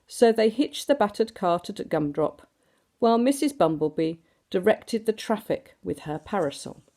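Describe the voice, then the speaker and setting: A woman reading a picture book aloud for children, with sound effects and questions to her listeners. Her tone is warm and mellow with a touch of vocal fry. The pitch swings widely as she tells the story. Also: lively intonation, normal speed.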